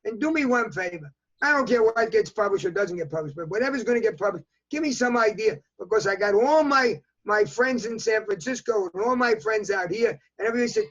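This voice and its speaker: A man's voice: high voice, a bit bright. Emphatic 85-year-old New York man. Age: 80s. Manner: emphatic, repetitive, talks in bursts. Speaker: interview guest. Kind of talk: remote news interview. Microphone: video call. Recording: dull lo-fi video call audio.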